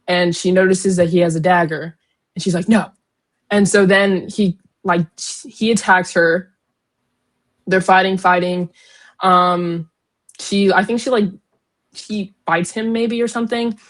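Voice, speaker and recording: A young woman co-hosting a casual book discussion, retelling chapters in an animated way with lots of fillers. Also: on the low side, measured pace. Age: young adult. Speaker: podcast co-host.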